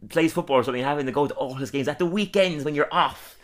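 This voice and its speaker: A man's voice: on the high side, quick pace. A young man co-hosting a casual review podcast, chatty, often laughing and acting out quoted lines. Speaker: podcast co-host.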